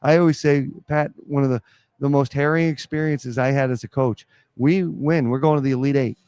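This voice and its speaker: A man who coaches college basketball, telling lively stories in a live podcast interview at a pizza restaurant. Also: medium pitch, fairly quick, clear, resonant tone. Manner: animated storyteller acting out quotes.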